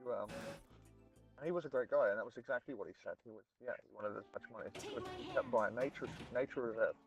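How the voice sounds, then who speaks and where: A man banters through a gaming session, teasing his friends and getting excitable, often restarting his sentences. Game music is clearly audible behind him. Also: mid-range voice, fast, dull audio. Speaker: co-player, stream guest. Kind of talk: casual gaming chat.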